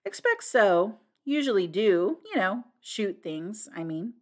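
A rough, taciturn middle-aged hunter in an audiobook, read by a woman, clipped and plain-spoken. His short phrases come out blunt and awkward, with little to say. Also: medium pitch, sing-song, takes it slowly. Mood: gruff, awkward. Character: gruff, awkward middle-aged male hunter, few words.

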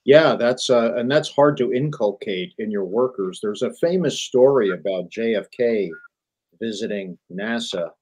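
A middle-aged man, a journalist and author, telling business stories in a lively, emphatic way as a guest on an interview show. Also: on the low side, measured pace, breathy edge, rough recording. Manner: animated storyteller, emphatic repetition. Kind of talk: conversational interview.

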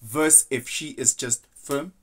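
A man's voice: mid-range voice, slow pace, fairly bright tone, slightly rough. A young man talking through his thoughts in a casual, rambling monologue, earnest and loose, slipping into quoted voices now and then. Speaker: vlogger.

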